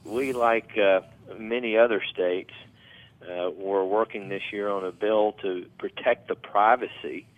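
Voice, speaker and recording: A man's voice: lowish voice, steady tone, unhurried. A man calling in as a policy advocate, speaking hesitantly with many fillers and restarts. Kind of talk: phone interview. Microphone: telephone. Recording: tinny phone line.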